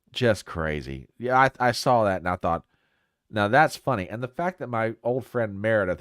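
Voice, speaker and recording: A man's voice: lowish voice, smooth, no room sound. Older guy hosting his own show, sarcastic running commentary on the news, voice all over the place, dry sound. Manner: sarcastic, reads news aloud with wry asides. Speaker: podcast host. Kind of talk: casual livestream commentary.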